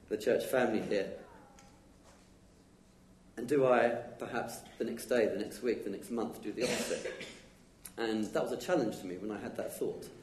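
In an echoey church hall with faint background noise, a lay preacher delivers an informal sermon, chatting with the congregation. His voice is lowish and a little mellow, and his manner is conversational and chatty, with quick bits of dialogue acted out.

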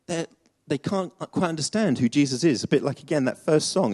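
A man's voice: a little high, animated, a little fast, darkish tone, husky. A man preaching a chatty sermon to a congregation, with many fillers and restarts.

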